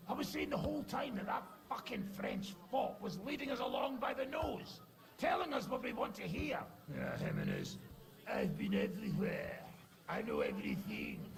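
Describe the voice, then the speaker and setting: A gruff, hard-drinking mercenary speaks in a game with a deeply gravelly rasp. His pitch leaps and drops all over, and his talk is coarse and full of curses. He sits a touch higher than most men. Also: heavily acted. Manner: crude, swearing, gravelly. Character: foul-mouthed grizzled male mercenary, gruff and boozy.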